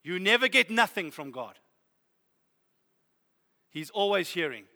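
A man preaching a sermon, animated and humorous, building to loud exhortation. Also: high-pitched, a little slow, vocal fry. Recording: long hall reverb.

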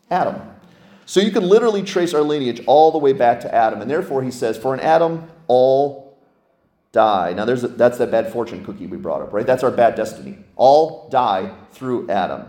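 A man's voice: medium pitch, roomy sound. A man preaching a sermon, telling stories and asking the congregation questions. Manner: storytelling, animated, asks the congregation questions. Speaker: pastor.

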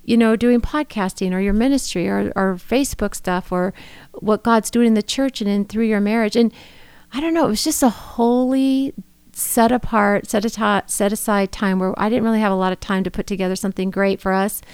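A middle-aged woman talks earnestly on a faith podcast, often circling back and restarting her sentences. Her voice is smooth and clear. The sound is close and dry. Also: medium pitch, steady tone, fairly quick, darkish tone, dry recording. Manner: earnest, emotional, rambling with restarts. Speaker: podcast co-host. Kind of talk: casual faith conversation.

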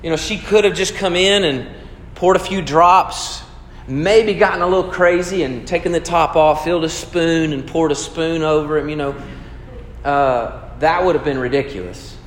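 A man's voice: a little high, moderate pace. A pastor preaching a sermon in an earnest, conversational way, asking his listeners questions. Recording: echoey hall with long reverb.

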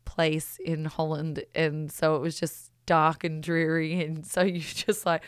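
An Australian woman tells a personal story in a loose, chatty monologue. Her voice sits a little low and sounds smooth and clear. The sound is dry and close, and she talks in an animated way, packed with "like" and "you know". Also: measured pace, dry recording.

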